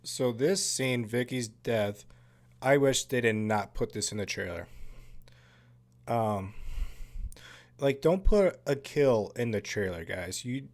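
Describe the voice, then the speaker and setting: A man's voice: mid-range voice, lively intonation, takes it slowly, pauses often. A man hosting a casual movie commentary, laid-back and chatty, often laughing and swearing casually. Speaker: podcast host.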